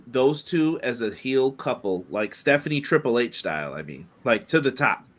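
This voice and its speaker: A man co-hosting a casual wrestling podcast, giving animated, quick opinions with many fillers. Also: mid-range voice. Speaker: podcast co-host.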